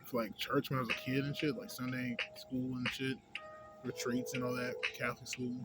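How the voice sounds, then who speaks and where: A man's voice: mid-range voice, level tone, normal speed. A man casually rambling through a movie review, slangy and profane, full of filler tags. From a city. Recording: music playing loudly behind.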